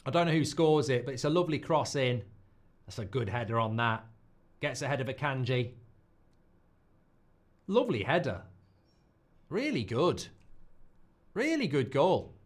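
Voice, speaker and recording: A man hosting a live football watchalong, reacting loudly to goals and swearing freely. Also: medium pitch, normal speed, long pauses. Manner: excitable, swears, shouts at goals. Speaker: watchalong host.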